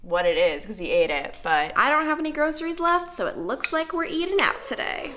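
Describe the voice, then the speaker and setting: A woman's voice: high voice, fairly quick, faint music behind. A woman in her twenties chatting casually to camera as a vlogger, telling stories with lots of fillers. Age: 20s. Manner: chatty, animated, filler-heavy storytelling. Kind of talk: casual vlog chat.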